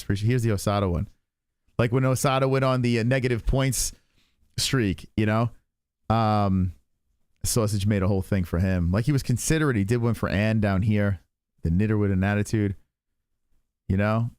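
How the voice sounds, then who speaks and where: A man in his forties hosting a live stream, rambling casually with heavy swearing and heartfelt pauses. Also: lowish voice, darkish tone, clear, resonant tone, dry recording, studio quality. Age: 40s. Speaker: stream host.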